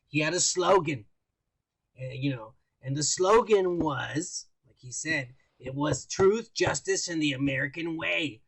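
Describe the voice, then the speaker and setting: A man's voice: a little high, gravelly, a bit bright, no echo. A man co-hosting a podcast, talking in crude, profane, rambling banter while reading out the news. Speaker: podcast co-host.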